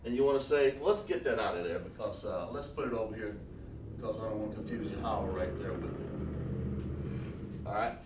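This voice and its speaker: A man's voice: lowish voice, normal speed, pauses often, recorded from a distance, background noise. A man giving a casual livestream lesson on Hebrew letters, chatting with viewers while he draws on a board. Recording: echoey room, voice away from the mic.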